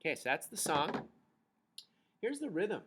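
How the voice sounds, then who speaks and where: A man's voice: fairly high pitch, big pitch swings, measured pace, very noisy. A man teaching an online recorder lesson to fourth and fifth graders, patient and encouraging, who chants rhythm syllables and note names for the class to repeat. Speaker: music teacher.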